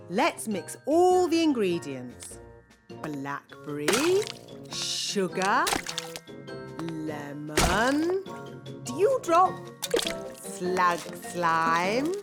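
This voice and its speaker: An actress voicing a bossy, scatterbrained fairy nanny in a cartoon, prim and brisk. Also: female voice, mid-range voice, huge pitch swings, loud music behind the voice, exaggerated voice. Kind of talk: cartoon voice acting.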